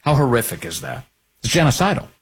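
A man hosting a political talk show, giving combative, sarcastic commentary with a husky voice. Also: medium pitch, quick pace. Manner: combative, sarcastic, lively intonation. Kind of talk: opinionated commentary.

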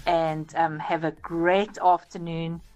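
A middle-aged woman sending a warm, gushing voice note to a radio show. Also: deep voice, flat delivery, slow pace. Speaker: caller. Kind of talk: voice note message.

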